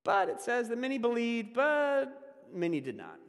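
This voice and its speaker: A man preaching a conversational sermon as a pastor, laughing often and swinging between loud emphasis and hushed asides. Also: very high-pitched, very animated, moderate pace, in a large hall.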